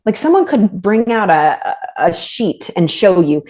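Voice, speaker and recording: A woman author and trauma therapist, speaking as a podcast guest in a thoughtful, halting way with frequent restarts. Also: medium pitch, sing-song, darkish tone. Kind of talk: reflective podcast conversation.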